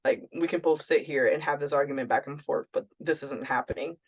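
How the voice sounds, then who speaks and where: A woman's voice: sits low, a little fast, husky. A woman co-hosting a podcast, telling a personal story in a candid, blunt way and often quoting herself. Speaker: podcast co-host.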